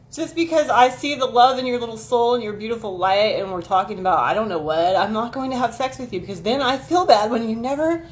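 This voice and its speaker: A woman's voice: a little high, a little fast, hardly any pauses. Rambling, profane woman streamer. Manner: reacts to chat messages. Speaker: livestream host. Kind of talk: casual live chat with viewers.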